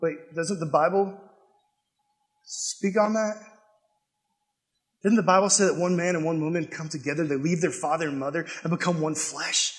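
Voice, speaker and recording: A man's voice: a little high, steady tone, normal speed, long pauses. A man preaching a sermon, emphatic and conversational, with frequent rhetorical questions. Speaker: pastor.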